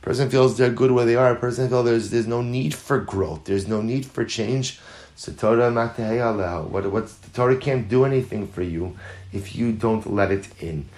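A man's voice: mid-range voice, normal speed, darkish tone. Earnest man teaching a Talmud class. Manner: earnest, repeats phrases for emphasis; mixes in Hebrew and Yiddish terms. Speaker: Torah teacher.

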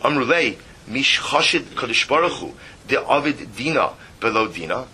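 A man teaching a text study class, reading passages aloud and explaining them in a lively way, often repeating phrases and adding emphatic asides. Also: mid-range voice, moderate pace, a little hiss or hum.

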